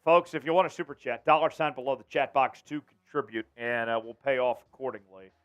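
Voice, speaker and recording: A man's voice: mid-range voice, fairly even intonation, fairly quick, highs cut off, soft background music. A man hosting a casual sports talk livestream, upbeat, reading out viewer messages and chatting with his co-host. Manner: upbeat, reads viewer messages and shouts chants. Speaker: show host.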